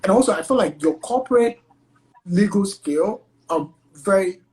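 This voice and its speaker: A man's voice: sits high, normal speed, a little hiss or hum, poor audio. Male guest attorney from Nigeria, casual interview chat, filler-heavy "like" delivery. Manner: chatty, heavy use of "like" as filler; acts out quoted exchanges in lively voices.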